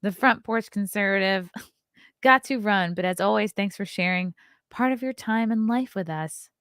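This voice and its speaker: A woman's voice: mid-range voice, normal speed, fairly bright tone, clean tone, no room sound, studio quality. A woman hosting a casual live stream, reading news aloud and adding sarcastic asides to her chat. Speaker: show host.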